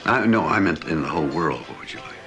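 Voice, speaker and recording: A man's voice: a bass voice, lively intonation, quick pace, a bit bright. An actor playing a hesitant, shy middle-aged male employer who stammers with many fillers, in a film scene. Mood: earnest. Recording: film scene with music behind.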